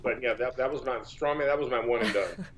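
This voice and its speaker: A man's voice: medium pitch, fast, background noise. A man from Texas, a powerlifter, telling long casual stories in an interview, with many false starts and repeats. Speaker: powerlifter guest.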